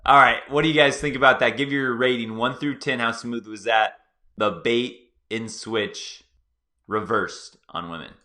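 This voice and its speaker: A male host giving excited, playful reaction commentary on a clip, talking straight to his viewers. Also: medium pitch, measured pace.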